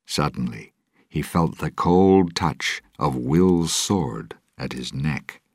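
A man reading a chapter book aloud in a measured, deliberate storybook narration. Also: a bass voice, expressive, breathy edge, no echo, clean studio sound.

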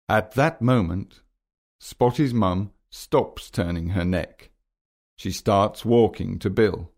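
A man narrating a children's graded reader in a plain, measured, simple way. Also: sits low.

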